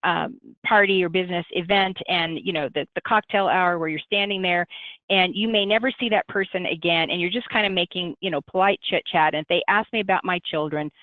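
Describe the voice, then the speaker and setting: A middle-aged woman, a guest on a webinar, speaking gently and in a measured way with many pauses. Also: on the low side, no room sound. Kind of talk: webinar conversation. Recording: tinny dry phone line.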